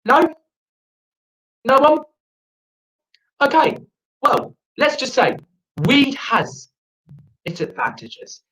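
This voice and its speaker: Young South African-born comic over a video call, sweary ranting delivery, pitch leaping all over. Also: male voice, huge pitch swings, drawn-out words, pauses often, fairly bright tone, rough recording. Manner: profane, rambling, ranting. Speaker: stand-up comedian. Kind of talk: online open-mic stand-up. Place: friend's house, indoors.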